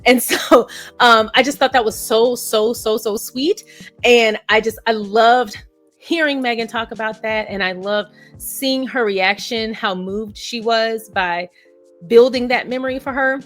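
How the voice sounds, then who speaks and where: A woman's voice: fairly high pitch, a little slow, a bit bright, soft background music. A woman vlogger giving casual, effusive reaction commentary, chatty and laughing often.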